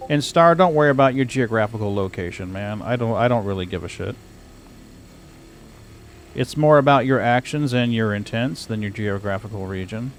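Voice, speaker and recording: A man's voice: fairly low pitch, moderate pace, a little hiss or hum. An American man chatting casually while playing a game, easygoing and rambling. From United States. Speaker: streamer. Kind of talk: casual gaming chat.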